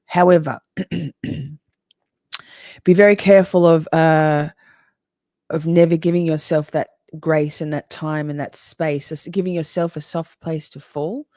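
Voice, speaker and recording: A woman's voice: sits low, steady tone, unhurried, dark tone, dry recording, studio quality. A woman hosting a live stream, reading chat aloud and talking back in a casual, emotional, sweary way. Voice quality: swears freely, emotional and chatty. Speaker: livestream host reading chat.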